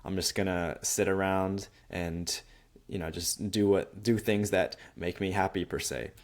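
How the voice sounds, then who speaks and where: Low-voiced young man, rambling self-help vlog. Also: measured pace. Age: young adult. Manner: rambling and animated, acts out quoted exchanges with lots of "like". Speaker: college student vlogger. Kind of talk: casual self-help talk to camera.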